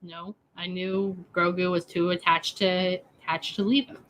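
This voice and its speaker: Bright young woman, matter-of-fact. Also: lowish voice, flat delivery, unhurried, poor audio. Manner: short, matter-of-fact replies. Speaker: host's daughter, co-host.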